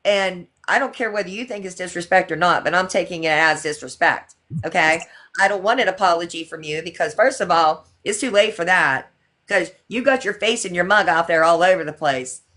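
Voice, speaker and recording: A woman's voice: on the low side, brisk, a bit bright. A middle-aged woman hosting a casual livestream, talking indignantly and repeating her points for emphasis. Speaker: livestream host.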